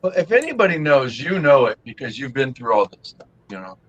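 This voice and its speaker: A man co-hosting a casual podcast hangout, rambling and animated with lots of fillers. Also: medium pitch, a little fast, highs cut off. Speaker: podcast co-host. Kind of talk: casual chat.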